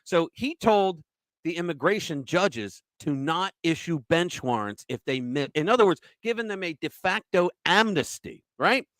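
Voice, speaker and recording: A man ranting on his own political talk show, his voice swinging widely between high outbursts and low mutters. He swears often and mocks the people he talks about. The sound is close and dry, with no room behind it. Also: expressive, normal speed, fairly bright tone, no echo. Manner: profane, ranting, mocking impressions. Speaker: podcast host. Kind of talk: political commentary rant.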